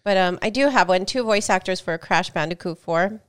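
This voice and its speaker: A woman's voice: medium pitch, normal speed, smooth. A woman co-hosting a gaming podcast, chatting casually and telling stories with quoted back-and-forth. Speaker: podcast co-host. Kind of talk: casual chat.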